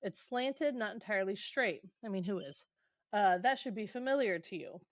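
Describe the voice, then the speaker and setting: A woman at a middle pitch chatting through a book recap. She paraphrases dialogue loosely, drops in ums and quick laughs. The recording is dry and close. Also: expressive, no echo. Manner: retells scenes loosely with quick quoted asides, many ums, laughs. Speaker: podcast co-host.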